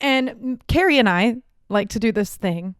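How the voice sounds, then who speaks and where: A woman's voice: on the high side, animated, a little slow, clear, resonant tone, dry recording, clean studio sound. A young woman from Texas co-hosting a podcast, telling stories expressively with swearing and laughter. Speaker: podcast co-host. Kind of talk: casual storytelling chat.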